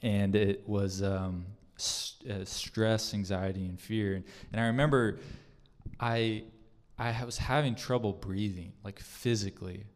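A man's voice: on the low side, steady tone, unhurried. A man giving a personal testimony sermon in a church hall, talking in an earnest, conversational way with many fillers and restarts. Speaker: speaker sharing a testimony. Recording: long reverb of a large hall.

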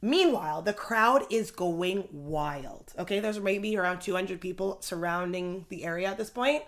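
A woman in her thirties telling a story in casual chat, laughing often and acting out other people's lines with big jumps in pitch. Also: moderate pace. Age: 30s. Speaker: podcast guest telling a story.

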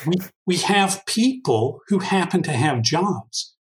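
A man's voice: fairly high pitch, expressive, slow, rough recording. A man answering interview questions at length in a thoughtful, conversational way, with frequent restarts and fillers. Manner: thoughtful, long-winded, many restarts and fillers. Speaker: guest expert on workforce intelligence.

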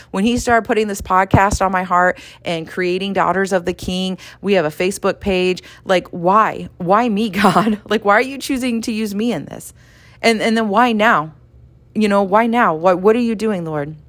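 A woman's voice: fairly low pitch, moderate pace. Chatty woman teaching faith. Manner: conversational, animated, acts out dialogue, laughs often. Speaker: podcast host and Bible teacher. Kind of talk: devotional teaching.

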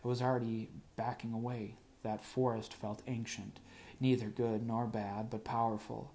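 A man narrating an audiobook in first person, wry and even. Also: mid-range voice, normal speed.

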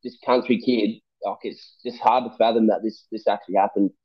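A man's voice: lowish voice, steady tone, brisk, slightly rough. A young Australian man, a podcast guest, telling stories in casual chat, swearing freely and laughing as he goes. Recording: dull lo-fi audio.

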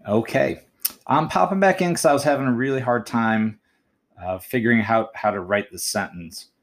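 A man's voice: mid-range voice, moderate pace. A man hosting a movie essay podcast, thinking aloud through his writing choices and giving listeners friendly, encouraging tips. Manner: chatty and encouraging, addresses listeners as folks; muses aloud, weighing options with questions.

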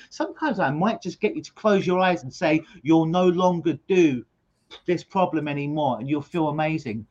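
A middle-aged hypnotist, appearing as a guest on a video call interview, describes what he does with storytelling energy and a habit of repeating the opening words of his sentences. He speaks at a fairly high pitch, and the audio sounds dull.

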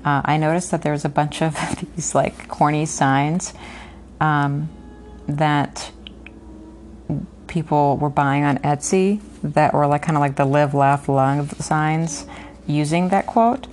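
A woman's voice: low voice, fairly even intonation, slow, a little mellow, slight background noise. A woman reading a novel aloud and breaking off for chatty, filler-heavy commentary, recorded on an app. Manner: chatty asides with frequent fillers. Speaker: podcast reader and commentator.

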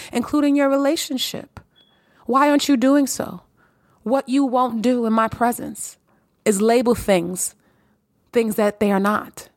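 A woman hosts her own podcast in a solo monologue, preaching with emphasis and circling back on her phrases. Her voice sits at a middle pitch. The recording is close and dry, with no room sound. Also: no echo. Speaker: podcast host.

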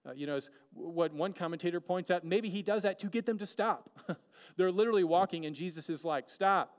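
A man preaching a sermon earnestly, moving between emphatic peaks and hushed, quiet lines. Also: sits high, brisk, big-room sound.

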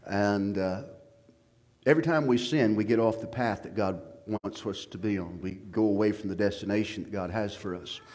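A man preaching a sermon as pastor, moving from low quiet talk to loud, fervent passages. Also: moderate pace, big-room sound.

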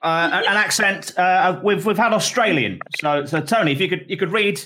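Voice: mid-range voice, normal speed, bright, forceful tone, slight background noise. A host running a comedy panel, calling on guests and reading out comments in an upbeat, chatty way.

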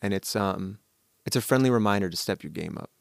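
A man's voice: fairly low pitch, a little fast, gravelly, clean tone, no echo, studio quality. A man in his forties co-hosting a podcast, chatting casually with rambling enthusiasm. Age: 40s. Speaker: podcast co-host. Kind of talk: casual chat.

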